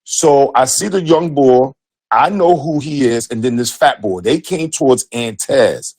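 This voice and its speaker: A man's voice: medium pitch, lively intonation, a little slow, a little mellow, no room sound. A middle-aged man, co-host of a sports talk show, telling a story with profanity and emphatic acted-out dialogue. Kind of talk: animated storytelling.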